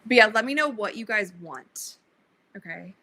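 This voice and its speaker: A sleepy, yawning young woman hosts a casual livestream, chatting with viewers, reading their comments aloud and laughing often. Her medium-pitched voice is expressive, bright and forceful at a moderate pace, and the rough recording has slight background noise.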